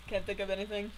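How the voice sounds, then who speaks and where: A woman's voice: mid-range voice, slight background noise, poor audio. A woman chatting casually on a voice call, teasing and laughing a lot. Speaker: friend on call. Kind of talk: casual chat.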